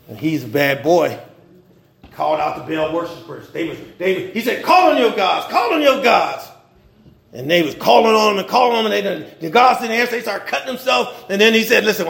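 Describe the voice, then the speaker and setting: Guy preaching, high pitched voice, joking around, roomy church sound. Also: vocal fry, fairly bright tone. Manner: informal preaching with slang and humor, rising and dropping in intensity. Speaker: pastor. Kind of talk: sermon.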